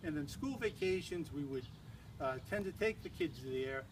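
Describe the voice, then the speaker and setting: A man's voice: fairly high pitch, expressive, moderate pace, noisy background. An older man giving a humorous toast at an engagement party, a rambling, teasing storyteller who restarts often.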